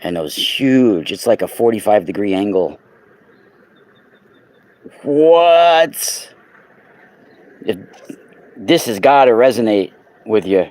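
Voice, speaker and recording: A man chatting casually on a livestream, exclaiming loudly and talking straight to his viewers while selling crystals. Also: fairly low pitch, normal speed, dry recording. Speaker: crystal seller and podcaster. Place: indoors at home.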